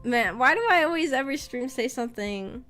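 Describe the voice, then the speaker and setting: A woman VTuber chatting casually on stream, rambling and often laughing, her voice slightly rough after being sick. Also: high voice, expressive, fairly quick, a bit bright, faint music behind. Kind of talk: casual live-stream chat.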